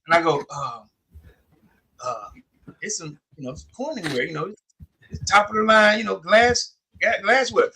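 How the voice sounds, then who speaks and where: High-voiced storytelling man in his forties. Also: normal speed, pauses often, slight background noise. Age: 40s. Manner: animated storyteller, acts out quotes, many fillers. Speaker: podcast co-host. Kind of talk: casual storytelling chat.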